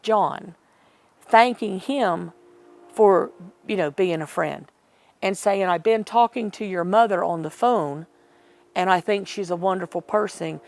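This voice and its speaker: A middle-aged woman telling a personal story in an interview, rambling and correcting herself as she retells old conversations. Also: lowish voice.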